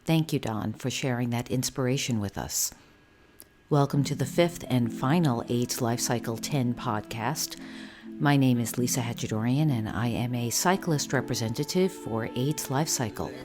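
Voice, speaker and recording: A woman hosting a podcast, reading scripted introductions in a measured way. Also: very deep voice, over music. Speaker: podcast host.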